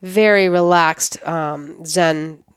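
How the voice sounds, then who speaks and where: Smooth-voiced woman telling a lively story. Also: deep voice, drawn-out words, no echo, studio quality. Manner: animated storyteller who acts out quoted dialogue. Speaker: interview guest, photographer. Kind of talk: casual storytelling interview.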